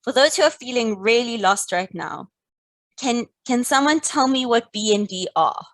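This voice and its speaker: A woman leads a live maths class, calmly walking her students through each step and urging them not to panic. The sound is dry and close, with no room echo. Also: fairly high pitch, normal speed. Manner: encouraging, calm, talks students through steps. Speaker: maths teacher. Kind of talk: live online maths lesson.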